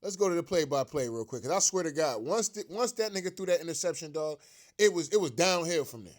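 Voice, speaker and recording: Slightly high-voiced, expressive and quick, a sports rant vlogger goes off as an aggravated fan on his own program. The fired-up rant is full of cursing and slang, with repeated lines and incredulous laughter showing how upset and frustrated he is.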